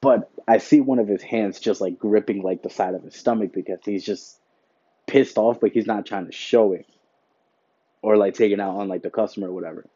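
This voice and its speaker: A man's voice: lowish voice, fairly quick, dark tone, slightly rough, no room sound. A man hosting a podcast, telling a work story in a rambling, casual way, full of fillers and "whatever, right?". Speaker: podcast host. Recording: dull lo-fi sound.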